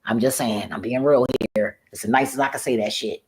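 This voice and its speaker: A woman's voice: very deep voice, a little fast. Blunt, profane woman ranting on camera. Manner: profane, blunt, keeps laughing at own remarks. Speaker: vlogger. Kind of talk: casual rambling rant to camera.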